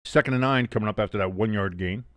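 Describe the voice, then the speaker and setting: A man's voice: on the low side, fast talker, no echo, clean studio sound. A man hosting a live football watch-along. He calls plays, reads chat and drops exasperated, swearing asides in casual commentary. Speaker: host of a live sports watch-along stream.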